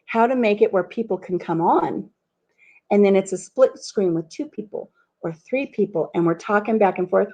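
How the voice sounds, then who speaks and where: A woman's voice: medium pitch, mellow, lo-fi sound. A middle-aged woman hosting a casual live stream from home, rambling through stories, reading viewer comments aloud and laughing at her own tales. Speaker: host of a live chat stream.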